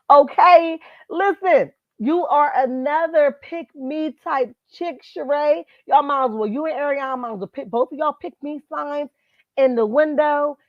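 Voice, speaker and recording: A woman with a high voice hosts a casual live stream from indoors at her workplace, commenting on celebrity gossip in an emphatic, sassy way and talking straight to her chat. Her computer mic sounds muffled, with no room sound.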